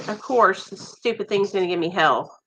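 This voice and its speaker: A young woman chatting warmly with viewers on a livestream, greeting them by name. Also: medium pitch, moderate pace, poor audio. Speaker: livestream host. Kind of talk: casual livestream chat.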